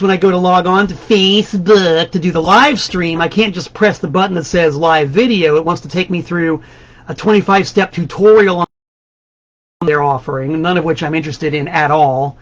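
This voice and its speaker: High-voiced man, playful mock-grand host. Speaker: guest host of a band's live stream. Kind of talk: casual comic monologue. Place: home desk. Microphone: webcam on his desk. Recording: dull lo-fi webcam stream.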